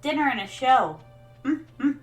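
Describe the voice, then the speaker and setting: A woman's voice: high voice, lively intonation, measured pace, soft background music. A young woman streamer chatting playfully while playing a game, calling viewers her darlings. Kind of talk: casual gameplay commentary.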